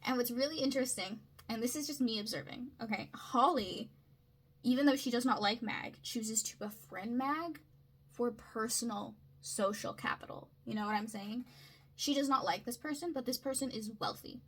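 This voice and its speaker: Woman video essayist, higher voice with a bright, husky edge, chatty analysis style. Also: moderate pace, rough recording. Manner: chatty, frequent checks like "right?" and "okay?". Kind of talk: casual literary analysis.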